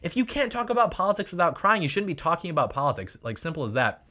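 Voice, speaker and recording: A man hosts a political commentary video, mocking and combative in tone. He talks quickly with a bright, forceful edge. His pitch sits a little high for a man. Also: sing-song.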